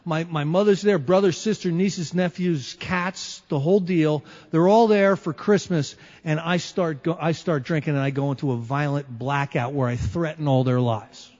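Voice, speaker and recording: High-voiced man telling a wry recovery story. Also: normal speed, hardly any pauses. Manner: animated, wry storyteller who acts out moments. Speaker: recovery meeting speaker. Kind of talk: personal recovery story told to a meeting. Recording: lo-fi recording in a reverberant hall.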